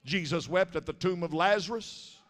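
A man preaching a sermon in church, moving from quiet storytelling to shouted climaxes. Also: high-pitched, moderate pace. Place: church sanctuary during a service. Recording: reverberant church sanctuary.

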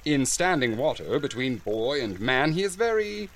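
A man's voice: mid-range voice, big pitch swings, normal speed. Guy doing a snooty fussy steward, voice swooping up and down. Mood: haughty. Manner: pompous, mocking, fussy. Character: pompous fussy male steward. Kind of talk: Elizabethan stage acting.

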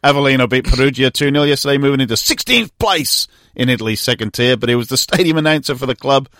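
A man's voice: medium pitch, animated, quick pace, fairly bright tone, dry recording, clean studio sound. A man hosting a radio show, reading odd sports news stories with wry, jokey asides.

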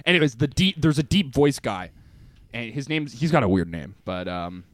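A man's voice: mid-range voice, lively intonation, moderate pace, no echo. A young man co-hosting a podcast in casual, jokey banter, swearing freely and slipping into silly voices. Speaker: podcast co-host.

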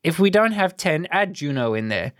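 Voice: medium pitch, big pitch swings, moderate pace. Rambling, swearing podcast host. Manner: rambling, swears casually, trips over words. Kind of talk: casual chat.

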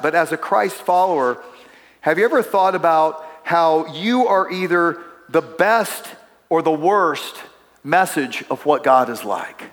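A middle-aged man preaches from a church platform with a fairly high voice. He talks in a relaxed, conversational way, telling stories and turning to the congregation with asides. His voice carries a long reverb through the sanctuary. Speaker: pastor. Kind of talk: sermon.

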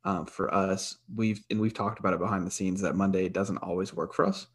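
Low husky dude cohosting a podcast, easygoing, kinda rambly. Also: male voice, fairly quick. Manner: relaxed, rambling with fillers. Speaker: podcast co-host. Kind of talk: casual podcast chat.

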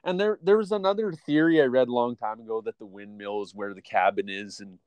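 A man co-hosting a podcast in casual chat, rambling with lots of fillers as he talks like an excited fan. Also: mid-range voice, brisk, clean tone, no echo. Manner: rambling, filler-heavy, enthusiastic fan talk. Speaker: podcast co-host.

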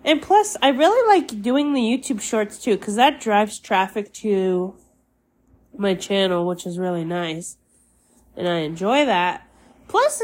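A young woman chats alone on her podcast, slow and unhurried, her voice a little congested. She rambles easily through fillers at a middling pitch. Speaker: podcast host. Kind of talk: casual solo podcast chat.

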